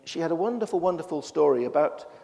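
A man's voice: on the high side, expressive, fast, vocal fry, warm tone, long reverb tail. A man preaching a sermon in a church, talking in a conversational way with frequent restarts.

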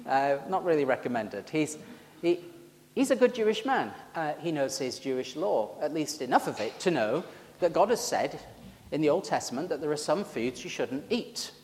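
Man, Yorkshire accent, preacher, informal joking sermon, slightly high voice, long church hall reverb. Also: sing-song, normal speed, a little mellow. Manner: chatty, joking, self-deprecating. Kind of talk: informal sermon with congregation interaction. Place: church service.

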